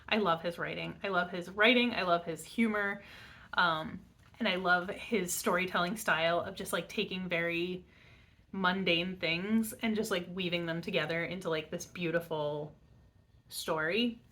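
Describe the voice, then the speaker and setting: A woman's voice: lowish voice, steady tone, moderate pace, a bit bright. Bubbly rambling woman book vlogger. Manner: bubbly, rambling with many likes and ums. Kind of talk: casual book review chat.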